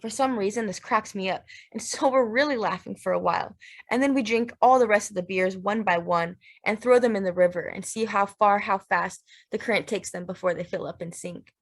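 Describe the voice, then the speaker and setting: A woman narrating a literary audiobook in a steady, measured, plain way. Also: mid-range voice.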